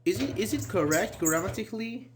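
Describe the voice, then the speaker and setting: A man's voice: sits high, expressive, fairly quick, a little hiss or hum. A man teaching an online English grammar class, explaining patiently, repeating key words and asking students questions, with many fillers like "actually".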